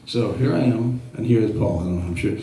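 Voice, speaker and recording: A man in his sixties, a photographer giving a gallery talk, telling anecdotes in an animated way and acting out the dialogue. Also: on the low side, normal speed, a little hiss or hum. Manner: animated storyteller who acts out dialogue. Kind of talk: anecdotal storytelling to an audience. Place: large indoor art gallery. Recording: very echoey room, far from the mic.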